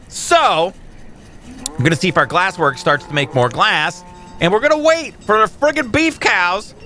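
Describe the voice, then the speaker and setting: A young man talks through a city-building game in a bright, forceful voice that swings widely up and down. He fills pauses with ums and bursts into exasperated complaints, over a faint hiss of background noise. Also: a little high. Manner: animated, exasperated outbursts, many fillers. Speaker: gaming channel host. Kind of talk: casual gameplay commentary.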